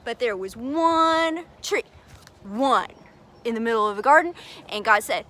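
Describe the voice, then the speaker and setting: A woman telling a Bible story to children at chapel in an animated, sing-song, exaggerated way. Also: fairly high pitch, measured pace.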